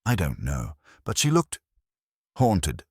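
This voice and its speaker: A man's voice: low-pitched, huge pitch swings, takes it slowly, darkish tone, husky, no echo, clean studio sound, exaggerated voice. A man doing a stammering young violinist. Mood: nervous. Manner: stammering, hesitant. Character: nervous young male violinist.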